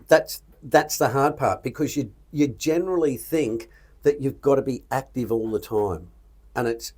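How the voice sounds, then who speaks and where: A man's voice: mid-range voice, a little mellow. A middle-aged man with an Australian accent, co-hosting a podcast in casual, blunt chat that slips in mild swearing. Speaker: podcast host.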